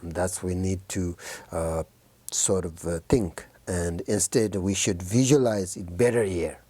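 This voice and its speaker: A man giving a New Year Dharma talk to his students as a Buddhist teacher, gentle and encouraging, halting with many fillers and pauses. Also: deep voice, fairly even intonation, husky, no echo.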